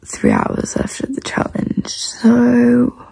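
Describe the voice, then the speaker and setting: A young woman with a slightly high voice talks in an excitable, gushing way, scattering fillers as she vlogs from home. A faint hiss of background noise sits under her voice. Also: slow pace, creaky, rough recording. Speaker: book vlogger. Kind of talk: casual reading vlog.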